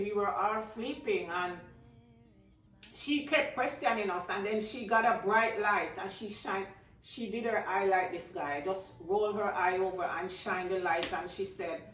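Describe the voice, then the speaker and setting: A woman's voice: medium pitch, a bit bright. A woman from Jamaica, telling a personal story to her viewers in a casual, emotional way and calling them guys. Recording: echoey room, mic at a distance, faint music.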